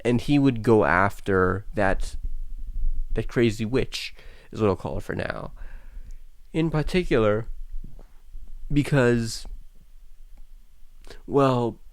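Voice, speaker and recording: A man's voice: medium pitch, slow, long pauses, no echo. A young man hosting an anime reaction, talking casually in long rambling thoughts that stammer and restart often.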